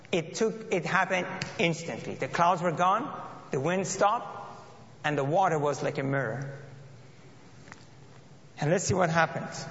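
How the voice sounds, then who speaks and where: A man's voice: high-pitched, fairly bright tone. A man preaching a sermon and reading scripture aloud, earnest, often repeating and restarting phrases. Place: church. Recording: dull lo-fi audio in a reverberant hall.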